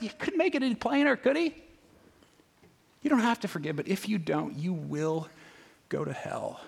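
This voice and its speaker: A man's voice: high voice, normal speed, gravelly, long pauses, breathy edge. A man preaching a sermon in a conversational way, asking his listeners many rhetorical questions. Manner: conversational, animated, many rhetorical "right?" asides. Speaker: pastor.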